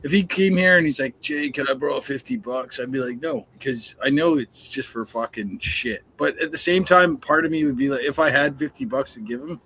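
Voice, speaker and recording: A man in casual chat at home, talking things through in a relaxed, matter-of-fact way with the odd curse. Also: mid-range voice, brisk, hardly any pauses, slight background noise, low-quality recording.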